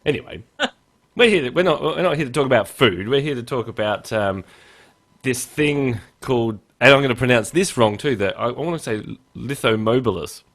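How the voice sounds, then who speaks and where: A man's voice: medium pitch, animated, brisk, fairly bright tone. A man hosting a podcast, chatting casually and rambling with self-deprecating jokes. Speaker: podcast host.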